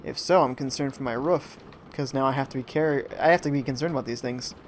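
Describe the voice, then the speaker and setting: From home during a rainstorm, a gaming streamer provides live commentary on a video game, cracking jokes and reading viewer chat aloud. His mid-range voice moves at a quick pace, and there's a little hiss or hum in the recording.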